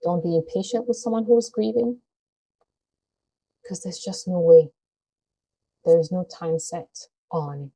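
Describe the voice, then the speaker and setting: A woman's voice: fairly low pitch, takes it slowly, long pauses, dark tone, breathy edge, low-quality recording. A woman vlogger speaking to her viewers in a heartfelt, earnest way. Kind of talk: personal talk to camera.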